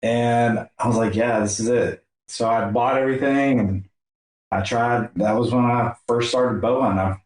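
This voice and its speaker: A male podcast host chatting casually and telling a story in a relaxed, filler-heavy way. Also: medium pitch, normal speed. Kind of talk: casual conversation. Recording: echoey room.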